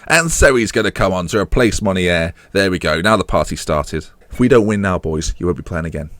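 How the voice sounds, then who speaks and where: Man, low-pitched but very animated, dry close recording; playful gaming host calling his own matches with offhand jokes. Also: a little fast, hardly any pauses, dry recording. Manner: jokey, rambling asides mixed with match commentary. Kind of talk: live commentary over his own football management game.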